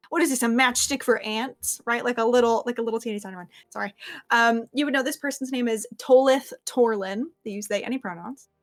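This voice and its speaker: A woman's voice: on the high side, a bit bright. A young woman narrating a tabletop game as game master, rambling with lots of fillers. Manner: rambling, filler-heavy, casual.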